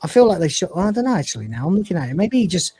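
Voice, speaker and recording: A woman's voice: fairly low pitch, very animated, rapid-fire, warm tone, breathy edge, dry recording, soft background music. A woman co-hosting a casual livestream review, retelling scenes and acting out the characters' lines with put-on voices. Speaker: podcast co-host reviewing episodes.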